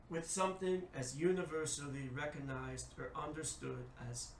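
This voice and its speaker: A man's voice: on the high side, normal speed, vocal fry, hardly any pauses, a little hiss or hum. A young man co-hosting a casual chat, hesitant and giggly, often restarting his sentences. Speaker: co-host. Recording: echoey room from a distance.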